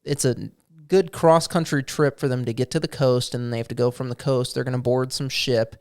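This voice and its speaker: Smooth-voiced man telling a game story. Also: mid-range voice, a little fast. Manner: animated storyteller, swearing freely, acts out goblin quotes. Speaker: podcast co-host. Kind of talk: casual chat, retelling a tabletop game. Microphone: studio microphone.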